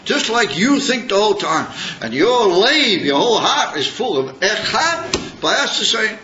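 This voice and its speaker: Man, Torah class teacher, chatty, mixes in Hebrew and Yiddish terms, bright voice, muffled lo-fi recording. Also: sits high, very animated, a little slow.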